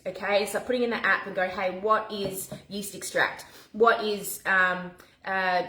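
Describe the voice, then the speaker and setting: A woman, chatting casually to camera as a mum vlogger, animated and talking in quick bursts with restarts. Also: fairly high pitch. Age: 40s. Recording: echoey room.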